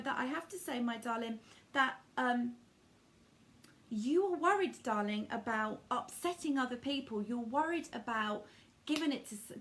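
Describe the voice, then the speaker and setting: A middle-aged woman doing a live card reading, affectionately calling viewers darling and sweetie. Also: a little high.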